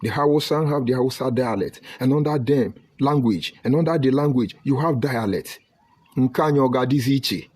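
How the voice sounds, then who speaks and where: A Nigerian man from Delta State giving an impassioned online broadcast, preaching emphatically and swinging between loud outbursts and low murmurs. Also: normal speed, breathy edge, no room sound. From Nigeria (Delta State, Ika). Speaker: online commentator.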